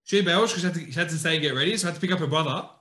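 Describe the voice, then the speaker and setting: Bright, high-voiced man storytelling. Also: racing, roomy sound. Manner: animated, acts out friends' lines in raised voice. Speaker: podcast co-host. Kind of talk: casual storytelling chat.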